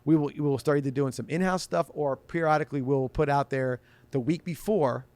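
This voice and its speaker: A man's voice: fairly high pitch, a little fast, darkish tone, dry recording. A man hosting a sports radio show, answering listener questions in a loose, rambling way and often restarting his sentences. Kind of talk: casual sports talk show chat.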